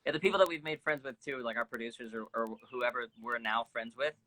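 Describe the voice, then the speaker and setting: A man's voice: mid-range voice, fast, pushed and bright, rough recording. A young man, a singer hosting a phone livestream from home, chatting in an easygoing way with lots of fillers. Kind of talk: casual chat.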